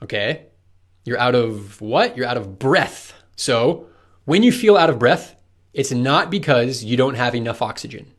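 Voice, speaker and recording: Male running coach, mid-pitched, relaxed explainer who talks straight to the viewer. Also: measured pace. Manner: conversational, asks the listener rhetorical questions.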